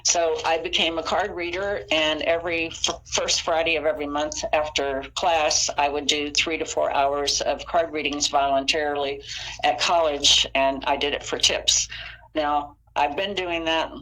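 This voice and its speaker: A woman's voice: low voice, steady tone, normal speed, a bit bright, rough recording. A woman guest on a podcast interview, earnestly retelling her experiences and acting out the dialogue. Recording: audio interview.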